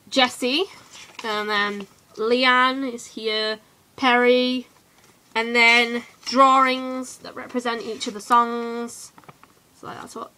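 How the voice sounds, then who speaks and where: A young woman from Britain chats to camera in a relaxed vlog, with frequent ums and quick little giggles. Her voice sits a bit high and rings bright and sharp. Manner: chatty, giggly, lots of ums. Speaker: vlogger. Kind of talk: casual chat to camera.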